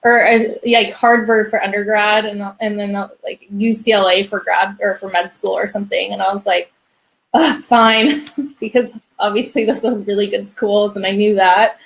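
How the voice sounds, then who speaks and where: A woman's voice: mid-range voice, flat delivery, moderate pace, vocal fry. A young woman as a podcast guest, telling a personal story in a chatty way, full of "like" and small laughs. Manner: chatty, many "like"s, laughs between phrases.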